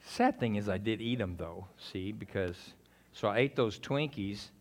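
A man preaching a sermon in a folksy, conversational way, talking straight to his congregation, now emphatic, now quiet and intimate. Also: lowish voice, unhurried. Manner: swings between emphatic and quiet, intimate delivery. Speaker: pastor.

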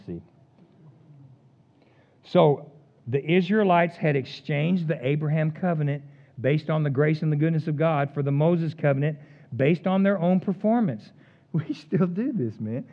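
A male pastor delivers a sermon in a folksy, animated style, his voice sitting high for a man. He swings between loud, emphatic declarations and soft, low asides. The recording sounds dull and lo-fi. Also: unhurried.

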